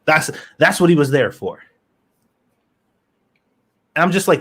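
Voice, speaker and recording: A man's voice: on the high side, sing-song, unhurried, long pauses, husky. A man co-hosting a live chat stream, speaking bluntly and swearing freely as he rants. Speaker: podcast co-host.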